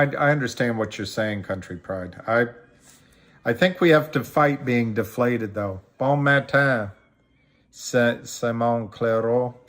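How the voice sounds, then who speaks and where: Slow, halting male livestream host. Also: on the low side. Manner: slow, halting, many ums and restarts. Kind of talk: casual livestream chat reading viewer comments.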